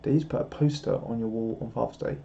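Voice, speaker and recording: A man chatting on a live stream, rambling and laughing at himself. His voice is mellow and relaxed. The audio is dull and lo-fi. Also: medium pitch, fast, gravelly. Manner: rambling, self-mocking, laughs often. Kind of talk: casual live-stream chat.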